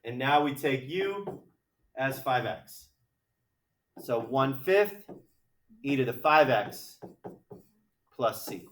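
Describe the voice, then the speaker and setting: A man's voice: mid-range voice, lively intonation, takes it slowly, pauses often. A man teaching a math class, working problems aloud in a chatty, joking way. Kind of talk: classroom lecture. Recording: echoey classroom from far off.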